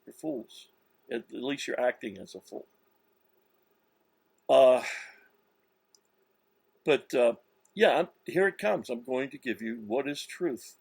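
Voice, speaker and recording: Slow emphatic guy going on about faith, stops and restarts a lot, dead dry sound. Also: medium pitch, expressive, vocal fry, darkish tone, breathy edge, dry recording. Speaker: religious commentator. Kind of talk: self-recorded religious monologue.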